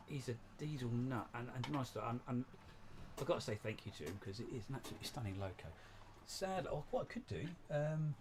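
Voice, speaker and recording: A man hosting a casual live stream from his model railway, chatty, jokey and excitable. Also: medium pitch, noisy background. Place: indoors at a model railway layout.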